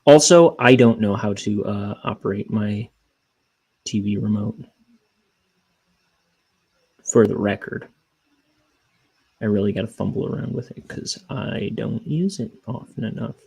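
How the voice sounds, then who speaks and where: A man's voice: on the low side, unhurried, gravelly, long pauses, a little mellow, slightly rough, poor audio. Rambling self-deprecating young man. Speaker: cartoonist streamer. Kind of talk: casual livestream chat.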